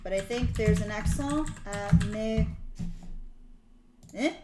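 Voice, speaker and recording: A woman with a slightly high voice takes her time as she live-streams language study in casual chat. She reads prompts aloud, translates them, and corrects herself along the way. Keyboard typing and clicks come through in an echoey room with background noise.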